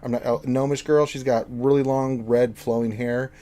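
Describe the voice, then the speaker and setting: A man's voice: mid-range voice, little pitch movement, normal speed, mellow. A man narrating a tabletop game as game master, rambling and often correcting himself.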